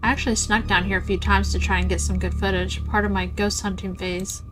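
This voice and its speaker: A woman's voice: medium pitch, little pitch movement, fairly quick, music in the background, natural voice, rough recording. Woman voicing a breezy, morbid ghost-hunting girl. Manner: breezy, teasing. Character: cheerful young woman ghost hunter, morbid joker.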